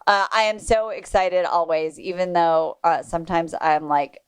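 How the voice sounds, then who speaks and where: A woman hosting a podcast chats enthusiastically in a smooth, fairly low voice. She talks with plenty of fillers, recorded close and dry with no room sound. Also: steady tone, normal speed, no echo. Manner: chatty, enthusiastic, many fillers. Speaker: podcast host. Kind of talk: casual chat.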